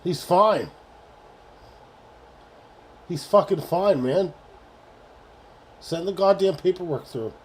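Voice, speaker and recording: A man hosting a casual sports livestream, bantering with his chat in a profane, exasperated way. His voice sits a little higher than most men's. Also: expressive, takes it slowly, long pauses, slight background noise. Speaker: livestream host.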